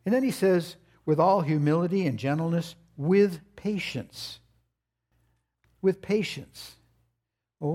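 A man's voice: on the high side, dark tone. An older man preaching a sermon, telling folksy family stories with playful asides. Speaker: pastor.

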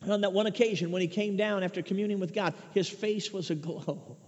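A man from Chicago preaching a sermon, emphatic, swinging between loud declarations and hushed asides. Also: high voice, steady tone, a little fast. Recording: dull lo-fi sound with long reverb.

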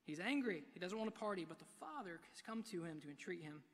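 A man preaching a sermon from a church pulpit, swinging between hushed and loud delivery. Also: high voice, animated, fast. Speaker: pastor. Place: church sanctuary. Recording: long reverb of a large hall.

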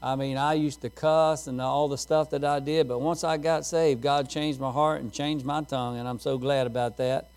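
A man's voice: mid-range voice, fairly even intonation, moderate pace, hardly any pauses, a little mellow, clean tone. A middle-aged man preaching a sermon, telling folksy stories and laughing at his own jokes.

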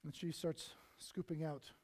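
High-voiced man preaching a sermon. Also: little pitch movement, measured pace. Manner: earnest preaching that swells loud and drops to near-quiet; acts out prayers and Bible figures in quotes. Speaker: pastor.

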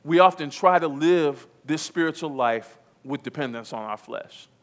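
A man's voice: on the high side, moderate pace. Man preaching a fiery sermon. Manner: emphatic preaching, repeats key phrases, calls to the congregation. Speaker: pastor. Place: church.

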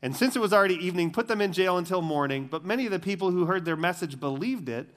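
Pastor, male, slightly higher voice, chatty and animated, acts out quotes mid-sermon. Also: fast talker. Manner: conversational, lots of "like" fillers; animated, mimics people in quotes. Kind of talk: casual sermon. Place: church with a screen.

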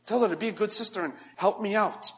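A man's voice: sits high, fast talker, fairly bright tone, voice pushed up. A man putting on the voice of a frantic, overwhelmed woman who pleads and complains shrilly.

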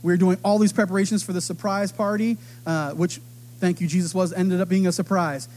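A middle-aged man preaching a sermon, telling stories with animated delivery and acting out the voices of others. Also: high voice, fairly quick, a little hiss or hum. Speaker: pastor.

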